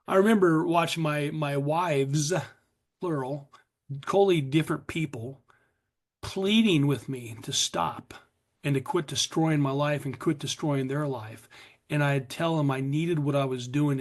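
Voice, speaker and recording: A middle-aged man from the USA shares his recovery story with a pitch a bit above average. He is earnest and confessional and acts out his old self's words. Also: a little slow. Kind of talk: personal testimony at a recovery meeting.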